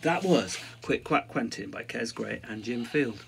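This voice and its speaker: A man's voice: medium pitch, lively intonation, unhurried, gravelly. Chatty man reading a picture book. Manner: chatty asides, self-mocking. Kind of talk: casual storybook reading. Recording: distant mic with faint background noise.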